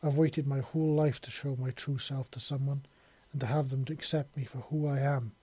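Man doing a female dragon-woman, lovestruck, possessive, earnest tender vows, husky, dark tone, audiobook. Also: mid-range voice, steady tone, a little fast, dry recording, natural voice. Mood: adoring. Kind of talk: audiobook character voice.

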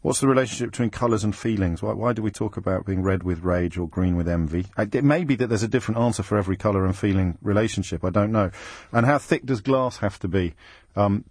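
A man hosting a live radio phone-in show, bantering quickly and teasingly with callers. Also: on the low side, darkish tone, no room sound, clean studio sound. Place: radio studio. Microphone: studio microphone.

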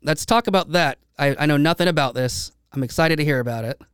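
A man's voice: fairly high pitch, quick pace, a bit bright, smooth, no echo, clean studio sound. A man interviewing a guest in casual chat, asking friendly, curious questions.

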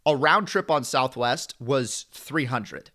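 A young man co-hosting a podcast, telling a long story in an animated, rambling way. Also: mid-range voice, slow. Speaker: podcast co-host. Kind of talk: casual chat.

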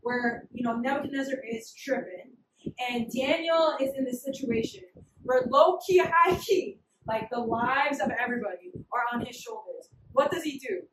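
A young woman giving a casual, humorous sermon, slangy and animated, acting out little scenes. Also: sits high, normal speed, noisy background. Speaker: preacher. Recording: echoey room, mic at a distance.

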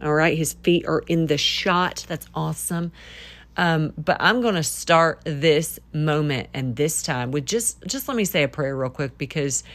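A young woman hosting a casual faith podcast, excitable and animated, sometimes shouting with enthusiasm. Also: sits low, unhurried, no room sound. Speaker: podcast host.

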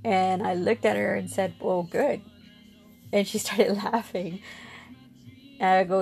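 A woman's voice: mid-range voice, steady tone, takes it slowly, gravelly, pauses often, a little mellow, faint music behind. A middle-aged woman candidly recounting childhood memories in a rambling, casual way. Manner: candid, rambling with restarts and fillers. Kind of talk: personal storytelling.

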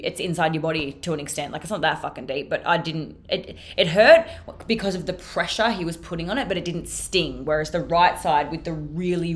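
A young woman hosting her own podcast, telling a story in a chatty, casual way, swearing freely and using lots of fillers. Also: on the low side. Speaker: podcast host.

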